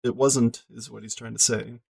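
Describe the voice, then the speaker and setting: A man casually reading through a manga as a language learner, translating aloud in a slow, halting, think-out-loud way. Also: medium pitch, fairly even intonation, creaky, breathy edge.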